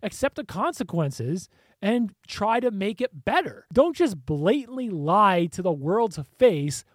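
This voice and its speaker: A man's voice: sits high, very animated, measured pace, no echo, studio quality. A man giving casual commentary on video clips, chatty and laughing often. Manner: chatty, laughs often, mimics voices in quotes.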